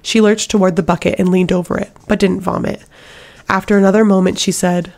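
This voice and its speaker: A woman narrates a fantasy audiobook at a steady, dramatic pace. Her voice has a noticeable gravelly fry. The delivery is measured and even. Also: mid-range voice.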